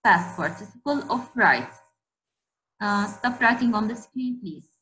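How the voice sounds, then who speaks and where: A woman's voice: medium pitch, animated, a little slow, pushed and bright, a little hiss or hum, low-quality recording. A woman teacher leading an online spelling lesson for girls, repeating each word and quizzing the class.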